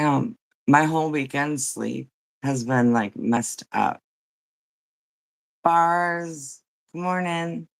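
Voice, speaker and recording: A woman hosting a casual livestream who has just woken up, chatting and rambling, greeting viewers by name. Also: sits low. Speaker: livestream host.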